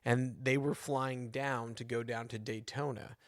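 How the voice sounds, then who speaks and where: A man co-hosting a podcast in casual chat, relaxed and teasing. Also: medium pitch, unhurried, no echo, studio quality. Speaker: podcast co-host.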